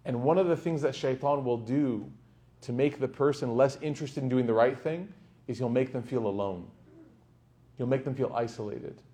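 A man giving a sermon to a live audience in a lecture hall, in an animated storytelling manner, acting out the quoted voices. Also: medium pitch, normal speed. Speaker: Islamic lecturer.

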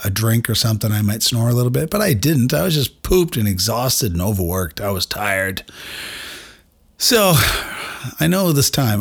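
A man's voice: mid-range voice, gravelly. A middle-aged man hosting a podcast, telling a personal story in a candid, self-deprecating way and speaking straight to his listeners. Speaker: podcast host.

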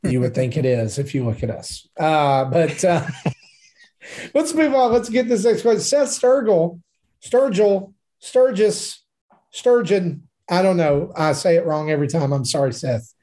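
A man's voice: on the high side, sing-song, normal speed, darkish tone. A man in his forties co-hosting a casual podcast, reading out listener comments with self-deprecating jokes. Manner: joking, self-deprecating, laughs often.

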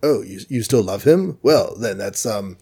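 A man's voice: on the low side, animated, measured pace, gravelly, mellow, breathy edge, voice pushed down, heavily acted. A man voicing a goofy, lovesick male thunder god, stammering and hesitant. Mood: bashful.

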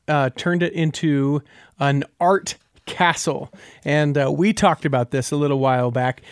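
A man's voice: fairly high pitch, no room sound, studio quality. A man hosting a casual podcast, talking things through step by step with plenty of filler words. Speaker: podcast host.

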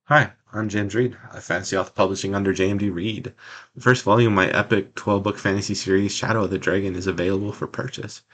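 Deep bright-toned male podcast host. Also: steady tone, quick pace. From Washington, United States. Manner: easygoing, rambling, many fillers. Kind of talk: casual interview chat.

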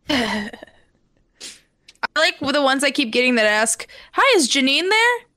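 A woman's voice: high voice, sing-song, slow, sharp tone, no room sound, clean studio sound. A young woman co-hosting a podcast, telling exasperated stories and swearing freely in casual chat. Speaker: podcast co-host.

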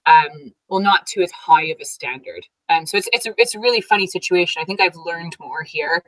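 A woman's voice: on the low side, a little fast, fairly bright tone, poor audio. A young adult woman from Canada, a teacher giving an interview in a chatty way, with frequent fillers and laughs. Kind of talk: casual conversational interview.

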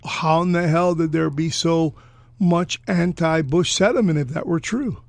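An older man co-hosting a political chat, arguing sarcastically and pausing with "uh" as he searches for names. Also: fairly high pitch, vocal fry, no echo. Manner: argumentative, sarcastic, with halting "uh" pauses. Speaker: podcast co-host.

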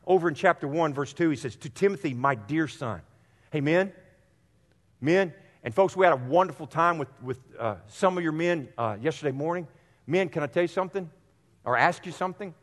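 A man's voice: a little high, lively intonation, brisk. Earnest male pastor preaching in a reverberant hall. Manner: earnest, addresses congregation directly, repeats phrases for emphasis. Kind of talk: sermon. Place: church sanctuary.

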